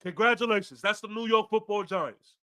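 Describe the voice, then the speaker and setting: A man with a very high, sharp, bright voice rants on a live fan stream. He curses freely and hammers the same lines over and over, fired up and relentless. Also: expressive, normal speed. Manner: profane, repetitive, fired-up ranting. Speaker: fan podcast host. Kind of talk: ranting live post-game stream.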